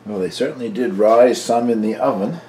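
An older man casually narrating his home baking for a cooking video, chatty and relaxed, tasting as he talks. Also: mid-range voice, fairly quick, a little hiss or hum. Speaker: home baker, channel host.

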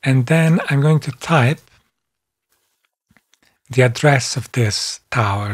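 A man calmly narrating a screen-recorded software tutorial, step by step. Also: medium pitch, slightly rough. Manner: calm, step-by-step, unhurried. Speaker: software instructor.

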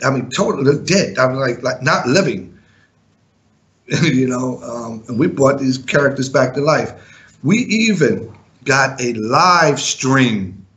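A man who once managed a music group, giving an interview and telling his side with indignant, animated storytelling full of fillers and restarts. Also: medium pitch. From living in Europe.

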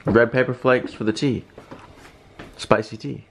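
A young man talks casually on a home vlog, playful and teasing. His pitch sits in the middle range. A faint background noise is heard. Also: fairly even intonation, a little slow, creaky. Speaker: vlogger.

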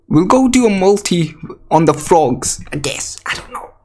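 A man doing gacha summon commentary for a video, excitable, swinging from mock gloom to shrieks, his voice cracking. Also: sits high, measured pace. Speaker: gaming YouTuber.

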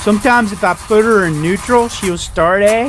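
A chummy, eager-to-please Canadian stranger played by a man in a spoof safety film. He drawls and keeps tagging "eh" onto his offers. The voice sits at a mid pitch, with light background noise. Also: moderate pace, a bit bright, close to an everyday voice, rough recording. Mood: friendly coaxing. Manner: drawling, tacks "eh" on sentences. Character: overly polite Canadian man offering treats. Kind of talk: parody safety film acting.

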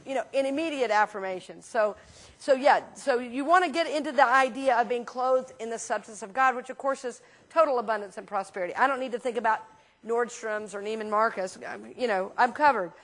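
A woman minister teaching a class in a church, talking casually and telling lively anecdotes with frequent restarts. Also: a little high, brisk. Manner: chatty, animated storyteller with frequent restarts.

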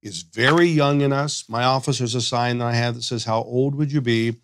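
A man talks through ideas as a counselor in a podcast discussion, lively and animated, and slips into quick impressions of the people he describes. His voice sits at an ordinary middle pitch. The sound is close and dry, with no room around it. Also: clear, resonant tone, no echo. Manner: animated, acts out quoted voices.

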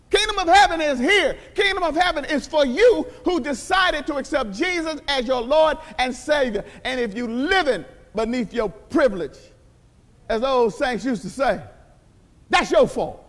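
A pastor preaching a sermon in a church, emphatic and repetitive, often crying out hallelujah. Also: male voice, very high-pitched, animated, moderate pace, fairly bright tone, big-room sound. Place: church sanctuary.

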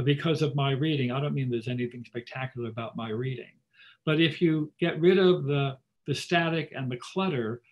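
A middle-aged man giving a literature lecture. He reads quoted passages slowly and with emphasis, then explains them in a conversational way, with some fillers. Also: fairly high pitch, highs cut off. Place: library talk, livestream.

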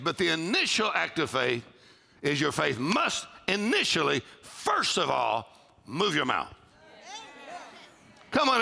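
A man, preaching a sermon with shouted exclamations and call-and-response to his congregation. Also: sits high, creaky. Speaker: pastor. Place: church auditorium with congregation.

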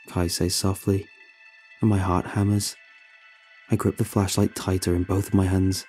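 Low husky male horror narrator. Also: level tone, a little mellow. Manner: measured, dramatic storytelling. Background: faint music.

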